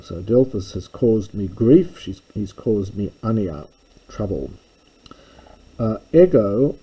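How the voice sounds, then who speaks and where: A man reading through a classical text line by line and explaining it, measured and thinking aloud, stopping often to correct himself. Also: fairly low pitch, mellow, breathy edge, poor audio. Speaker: classics lecturer.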